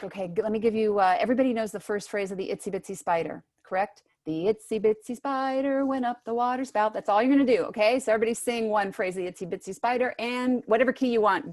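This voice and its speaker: A woman's voice: mid-range voice, a little mellow. Woman coaching singers over a call. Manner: brisk, encouraging coaching with spoken demonstrations. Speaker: voice teacher. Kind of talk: online singing workshop instruction. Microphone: video call microphone.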